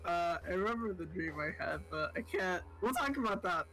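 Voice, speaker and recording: A bubbly guest chats on a stream, laughing often and tripping over their own sentences. The voice swoops lively up and down through a mid range. Soft music plays faintly behind. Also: medium pitch, brisk, low-quality recording. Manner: bubbly, laughs a lot, rambling and self-interrupting. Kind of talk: casual chat on a stream. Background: faint background music.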